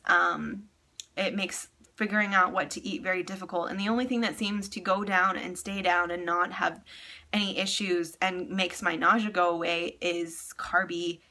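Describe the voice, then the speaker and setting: Young woman vlogger, bright clear voice, casual and candid, emotional, filler-heavy. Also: fairly low pitch, steady tone, unhurried. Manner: candid, chatty, frequent ums and laughs. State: emotional, close to tears. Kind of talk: casual personal vlog.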